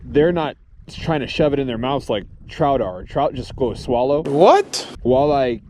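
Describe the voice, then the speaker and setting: A man vlogging his solo fishing trip outdoors, talking excitedly to the camera and the fish he catches, swearing casually as he films himself. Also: medium pitch, moderate pace, slight background noise. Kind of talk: excited outdoor vlog commentary. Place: outdoors on a reservoir shore.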